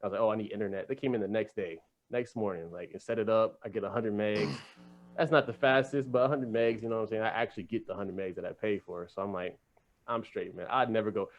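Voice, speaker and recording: A man hosting a podcast, telling a long, animated story full of slang in casual chat. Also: fairly low pitch, fast, highs cut off. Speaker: podcast host.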